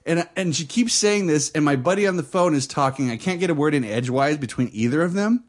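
A man casually telling a funny story on a podcast, jumping high when he imitates someone. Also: fast. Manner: animated, shrieks when mimicking his girlfriend. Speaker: podcast co-host.

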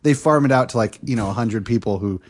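Dude rambling on a podcast, swears a lot, pokes fun at himself. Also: male voice, medium pitch, quick pace, darkish tone. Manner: rambling, profane, self-deprecating. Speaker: podcast co-host. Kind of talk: casual chat.

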